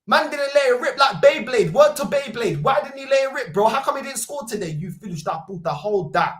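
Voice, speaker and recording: A young man, hosting a football fan livestream with loud, mocking banter and rapid-fire rhetorical questions. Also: extremely high pitch, animated. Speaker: host. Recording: roomy echo.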